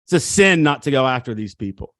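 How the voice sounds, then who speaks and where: A man giving an energetic, repetitive pep-talk style coaching seminar on real estate over a video call. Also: mid-range voice, fast, dry recording.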